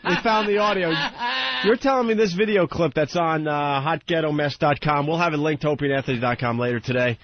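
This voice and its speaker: A man hosting a radio show who briskly introduces the clips. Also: a little high. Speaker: radio host. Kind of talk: casual radio banter. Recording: dull radio audio with noise.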